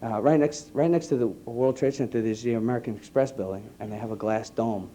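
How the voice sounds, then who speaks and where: Dark-voiced New man, halting testimony. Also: mid-range voice, slight background noise. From New York. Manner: halting, repeats words, earnest. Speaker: EMT speaking to a conference. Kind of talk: personal testimony to an audience.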